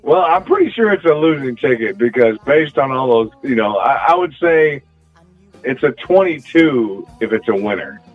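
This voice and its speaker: A man on a call-in line, chatting easily and laughing at his own bad luck. His pitch swings lively from high to low, and the sound comes through thin and phone-like, with faint music underneath. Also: normal speed. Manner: laughs often, self-deprecating. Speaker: caller. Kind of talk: casual chat over a phone line.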